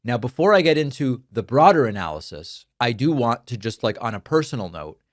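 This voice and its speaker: Guy hosting a political commentary show, first language spanish, emphatic and argumentative, normal pitch, dry close sound. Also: big pitch swings, fairly quick, no echo.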